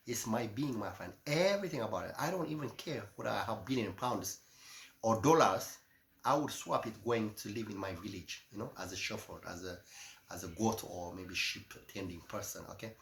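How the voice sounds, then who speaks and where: A middle-aged man from Eritrea, delivering a passionate, ranting monologue that swings between loud outbursts and low asides, often repeating "my friend". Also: vocal fry, slight background noise. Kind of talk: impassioned monologue. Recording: echoey room with faint ambience.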